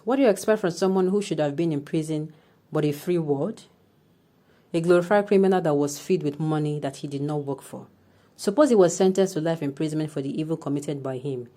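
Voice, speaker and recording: A woman's voice: sits low, dark tone. Nigerian woman reading news commentary.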